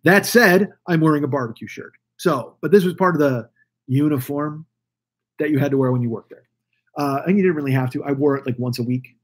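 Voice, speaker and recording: A man's voice: on the high side, a little fast, husky. A man in his forties rambling through a profane solo podcast rant, full of restarts and asides. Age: 40s. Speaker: podcast host. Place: Los Angeles.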